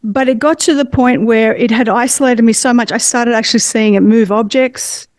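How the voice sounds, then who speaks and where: Woman, earnest and animated, a bit high, dry close sound. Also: moderate pace, no echo. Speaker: host. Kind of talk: personal storytelling in a conversation.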